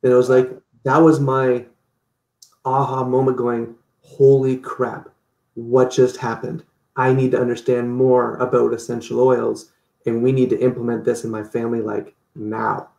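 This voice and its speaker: A man being interviewed, telling stories in a lively way and acting out what people said. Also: mid-range voice, normal speed, gravelly, reverberant. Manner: animated storytelling, acts out quotes. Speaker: guest. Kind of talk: casual interview.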